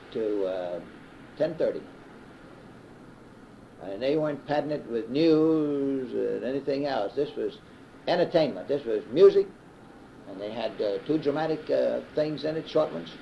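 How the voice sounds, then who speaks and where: A man's voice: medium pitch, animated, unhurried, vocal fry. A man in his fifties with a Southern US accent, telling a long rambling story with many restarts and uh's. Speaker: interviewee, radio broadcaster. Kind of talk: casual storytelling. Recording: dull, faintly hissy old reel-to-reel tape.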